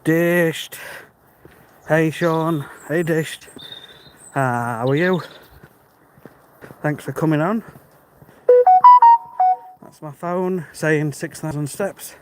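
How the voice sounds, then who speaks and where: Talking very slowly with long pauses, a friendly British man reads his live stream's chat while walking a dark rural road, thinking aloud as he goes. His voice is fairly high, and the low-quality audio catches faint birds and passing cars.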